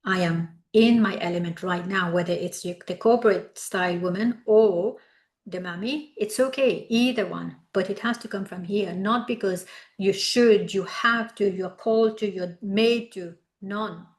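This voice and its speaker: A middle-aged woman, a wellness coach, telling her personal story in a reflective, confessional way, often pausing on "like". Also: mid-range voice. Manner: reflective and confessional, frequent "like" fillers.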